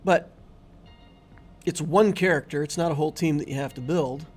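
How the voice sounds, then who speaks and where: This middle-aged gaming host talks to his viewers during a stream in a relaxed, chatty manner, over soft background music. His voice is on the high side, darkish and slightly rough, at a moderate pace.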